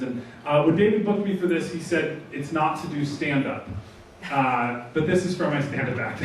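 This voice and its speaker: A man tells stand-up stories as a guest comedian, his voice a little high and full of quick joking asides. He sounds distant from the microphone, carried by a strongly echoing hall. A faint hiss sits underneath. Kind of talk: stand-up storytelling. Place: large hall. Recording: echoey hall, mic from far off.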